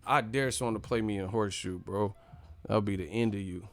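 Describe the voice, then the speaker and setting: A young man from the United States, hosting a casual live stream and joking loudly with lots of profanity. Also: lowish voice, a little fast. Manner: loud, profane, joking, laughs a lot.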